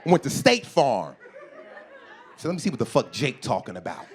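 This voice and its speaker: Animated, profane man doing stand-up. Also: medium pitch, normal speed, a little hiss or hum. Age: 40s. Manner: animated, profane, acts out voices and shouts punchlines. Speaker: stand-up comedian. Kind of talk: stand-up comedy set. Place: comedy club stage.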